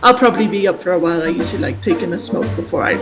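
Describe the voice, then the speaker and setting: A man speaking in character as a player in a tabletop game, relaxed and offhand with restarts. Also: high-pitched, very fast, low-quality recording. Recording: music playing behind.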